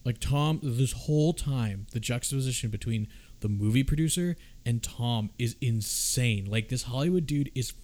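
Animated, profane man chatting about films. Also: medium pitch, moderate pace. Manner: animated, profane, acts out the characters' lines. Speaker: podcast host. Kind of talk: casual film discussion.

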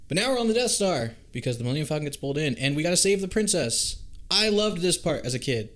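A man talking through a movie with a friend, casual and profane. He is animated and keeps slipping into quick voices for the characters as he retells scenes. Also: fairly high pitch. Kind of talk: casual movie watch-along chat.

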